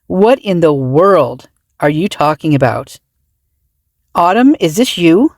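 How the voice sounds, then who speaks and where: A woman's voice: fairly low pitch, big pitch swings, slow, darkish tone, no room sound. Indignant woman host, dry close sound. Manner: indignant and agitated, with frequent restarts and trailing fillers. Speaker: true-crime commentary channel host. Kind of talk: casual reaction commentary to a camera.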